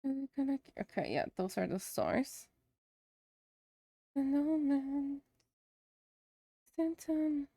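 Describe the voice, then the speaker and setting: Woman streamer mumbling along while drawing, high voice, jumps all over, no room sound. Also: expressive, extremely slow, long pauses, dark tone, dry recording, studio quality. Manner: muttering to herself as she works. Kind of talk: casual chat while drawing.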